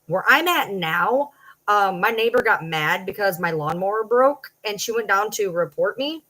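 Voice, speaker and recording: Speaking at a moderate pace with lively intonation, this forty-ish social media personality has a mid-range voice that sounds pushed and bright. She's from the Detroit downriver area, carries a Michigan accent, and talks bluntly to late-night livestream viewers, swearing freely, over poor audio.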